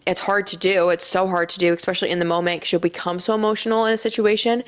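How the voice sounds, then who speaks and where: A woman's voice: fairly low pitch, steady tone, quick pace, smooth. A young woman vlogger talking earnestly to her viewers in a casual, reflective way, full of "like" fillers. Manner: chatty, earnest, frequent "like" fillers. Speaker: lifestyle vlogger. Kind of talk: casual reflective talk to camera.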